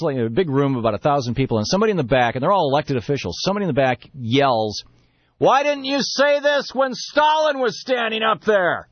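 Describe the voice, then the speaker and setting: A man's voice: mid-range voice, dry recording, dull audio. A man hosting a radio talk show, telling a long story and then ranting emphatically about politics. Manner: rambling storyteller, building to emphatic rant. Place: radio studio.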